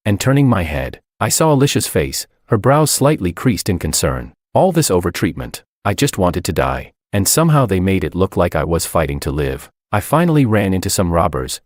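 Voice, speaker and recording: A man narrating a first-person story in a lively, expressive reading. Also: deep voice, no room sound, studio quality.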